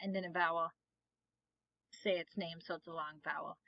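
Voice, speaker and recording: A woman's voice: on the low side, fairly even intonation, moderate pace, creaky, no echo, highs cut off. A woman teaching a phonics lesson, patiently asking questions and then answering them herself. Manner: patient, asks and answers her own questions.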